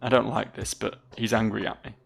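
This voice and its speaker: A man with a gravelly voice voicing a young nobleman's son in a video game, an anxious, brooding character, read in an earnest, dramatic way with high lifts. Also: level tone, a little fast.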